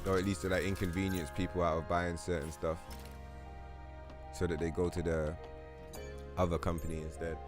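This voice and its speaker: Rambling, swearing streamer. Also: male voice, low voice, level tone, normal speed, long pauses. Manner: rambling, profane storytelling with acted-out quotes. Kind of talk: casual gaming livestream chat. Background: game music.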